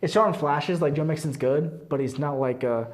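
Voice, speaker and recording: A man's voice: on the high side, normal speed. A young man hosting a casual student sports talk show, rambling with lots of fillers and restarts. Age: young adult. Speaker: host.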